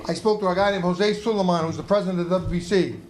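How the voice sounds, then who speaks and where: Racing along in a high voice, a middle-aged former boxer tells profane stories on a club stage as a podcast guest. The room echoes, the live recording is noisy, and he animatedly acts out everyone in his stories.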